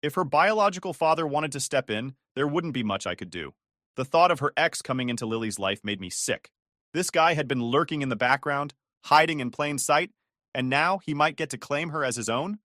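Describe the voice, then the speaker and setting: A man tells a first-person family story in a bitter, emphatic tone, pushing his questions upward. His pitch moves widely as he reads, and the close recording is dry with no room sound. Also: expressive, a little fast, sharp tone, no echo. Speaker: story narrator. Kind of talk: scripted first-person narration.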